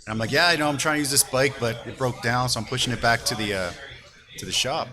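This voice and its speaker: A man's voice: mid-range voice, fast talker, a crowd in the background. A man from Canada hosting a casual chat, telling stories in a laid-back way, peppered with "dude" and "man". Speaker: host. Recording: music playing behind.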